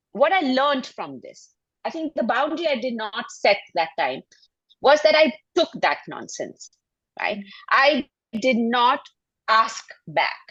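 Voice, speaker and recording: A woman's voice: a little high, fairly bright tone, breathy edge, no echo, dull audio. A middle-aged woman telling a personal story on a festival panel, emphatic and heartfelt, often restarting her sentences. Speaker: panel speaker. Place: festival stage.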